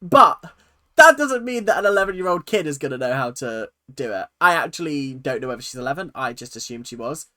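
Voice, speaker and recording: A man, hosting a casual reaction video, jokey and animated, laughing at himself. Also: a little high, a little fast.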